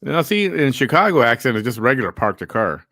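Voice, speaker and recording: A man's voice: medium pitch, sing-song, a little fast, fairly bright tone, no echo, clean studio sound. A man hosting a live chat show, reading viewer comments aloud in an easygoing way. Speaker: host.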